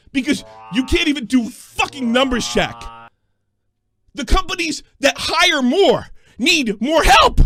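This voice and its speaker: Man, angry call-in host, shouting and cursing, bright tense tone. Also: very high-pitched, no echo, studio quality. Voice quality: yelling, profane, combative.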